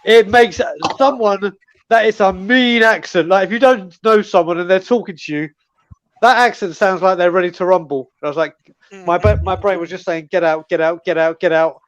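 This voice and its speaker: A man's voice: high voice, moderate pace, dull audio. A man from North London with a London accent, telling a laughing anecdote on a casual fan call-in show. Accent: London English. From North London, England. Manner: lively, laughing anecdote teller. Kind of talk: casual storytelling chat.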